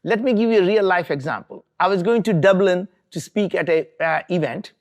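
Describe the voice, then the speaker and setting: A man's voice: high voice, a little fast. A middle-aged man from India, giving an earnest, emphatic motivational talk as an entrepreneur. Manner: earnest, emphatic, repeats for stress. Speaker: entrepreneur speaker.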